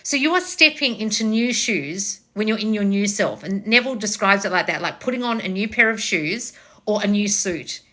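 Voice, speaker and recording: A woman's voice: medium pitch, lively intonation, moderate pace, pushed and bright. A woman giving a blunt, casual motivational talk, swearing freely as she coaches viewers. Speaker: manifestation coach.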